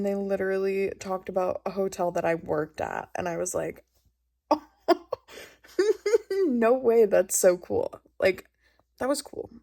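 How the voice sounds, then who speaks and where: A young woman excitedly recapping a book she is reading, gushing and saying "like" a lot. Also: medium pitch. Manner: gushing, excitable, heavy use of "like". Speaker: book vlogger. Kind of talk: casual reading vlog recap.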